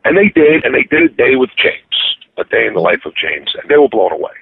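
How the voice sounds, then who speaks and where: A man's voice: on the low side, sing-song, fast talker, creaky, breathy edge, no room sound. A man, talking earnestly and streetwise as a guest, often laughing. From Brooklyn, New York. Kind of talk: casual interview chat. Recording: dry tinny phone-like line.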